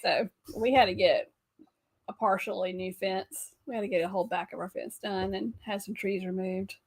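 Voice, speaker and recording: A woman's voice: medium pitch, steady tone, moderate pace, slightly rough. A woman co-hosting a casual livestream chat, laughing often between remarks. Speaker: livestream co-host.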